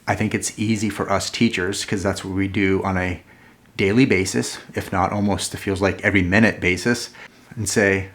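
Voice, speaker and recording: A man hosting a parenting vlog, talking to the camera in an earnest, calm, explanatory way. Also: deep voice, moderate pace. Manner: earnest, calm and explanatory, with a playful mock-angry skit. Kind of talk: casual talk to camera.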